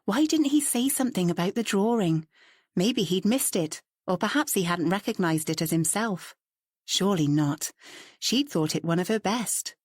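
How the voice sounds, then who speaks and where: Here a mid-range female voice tells an audiobook story evenly and deliberately, captured in a dry, studio-quality recording.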